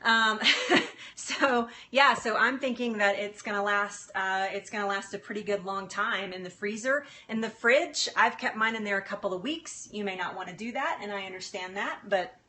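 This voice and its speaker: A woman's voice: mid-range voice, moderate pace, few pauses, pushed and bright, a little hiss or hum. A woman health coach chatting on a live stream from her home kitchen on a phone, laughing often and easily moved as she answers viewers.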